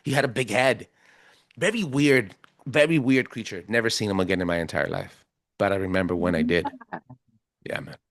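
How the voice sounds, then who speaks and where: A man telling a story as a podcast guest in a casual, animated way, full of slang. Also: fairly low pitch, moderate pace, long pauses, no echo, clean studio sound. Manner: animated, slangy, keeps saying bro.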